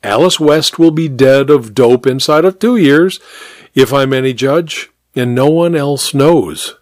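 A man voicing a genial, easygoing gentleman who reassures his friend in a breezy, upbeat way. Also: medium pitch, unhurried, no room sound, close to an everyday voice.

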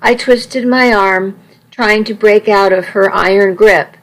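A woman's voice: medium pitch, steady tone, slow pace, fairly bright tone, poor audio. A woman reading a first-person story aloud in a wry, conversational way. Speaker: audiobook narrator.

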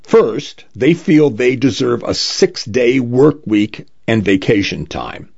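A man's voice: medium pitch, animated, takes it slowly, creaky, darkish tone, slightly rough, highs cut off, exaggerated voice. A man doing a fussy, prim lawyer. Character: polite, fussy male lawyer, slightly prim.

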